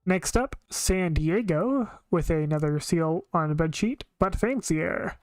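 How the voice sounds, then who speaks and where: A woman talking on a casual live stream, blunt and opinionated and full of filler words. Her voice sits a little low, and the sound is dry and close with faint music underneath. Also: lively intonation, a little slow, a little mellow, dry recording.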